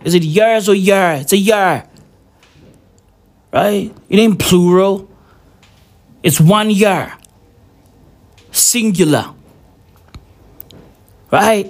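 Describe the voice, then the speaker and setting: A young man vlogging a profane, rambling, mock-serious rant at home, peppering it with slang. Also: high-pitched. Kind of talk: casual rant to camera. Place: indoors at home at New Year.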